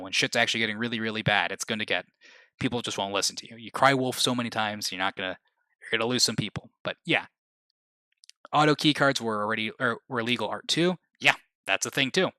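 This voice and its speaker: A man's voice: medium pitch, brisk, bright, forceful tone, no echo. A man hosting a livestream, rambling casually, restarting sentences and laughing at his own remarks. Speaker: livestream host.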